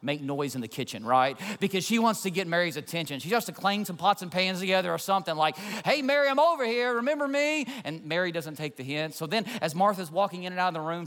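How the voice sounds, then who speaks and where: A man's voice: high voice, a bit bright, big-room sound. A male pastor preaching a sermon in a conversational storytelling way, asking his listeners questions.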